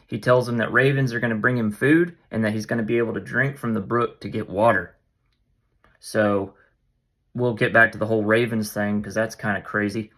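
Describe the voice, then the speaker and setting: A man's voice: on the low side, steady tone, normal speed, fairly bright tone. A man hosting a casual Bible study vlog, retelling the passage in a playful, jokey, slangy way. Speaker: vlog host.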